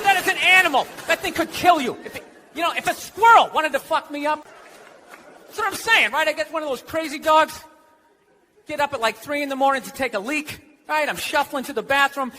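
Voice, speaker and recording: Extremely high-pitched, bright, and forceful, this American man rants through a stand-up set in a club. His humor is sarcastic and heavy on swearing. Laughter from the crowd and room noise come through in the live recording.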